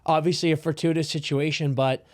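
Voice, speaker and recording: A man hosts a podcast in an easy, casual way and cheers on his guest with enthusiasm. His voice sits a little high for a man. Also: level tone, fairly quick. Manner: enthusiastic, encouraging. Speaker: podcast host. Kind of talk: casual chat.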